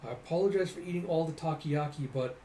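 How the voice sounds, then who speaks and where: A man voicing a sly, calm young female fighter with a cool, teasing manner, in an echoey room. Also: a little high, fast talker, a little hiss or hum, natural voice. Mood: coolly teasing.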